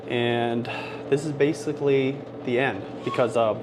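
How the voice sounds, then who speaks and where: A man's voice: medium pitch, steady tone, unhurried, noisy background. A man hosting a cooking live stream from his home kitchen, chatty and upbeat, talking straight to his viewers. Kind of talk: casual live-stream chat.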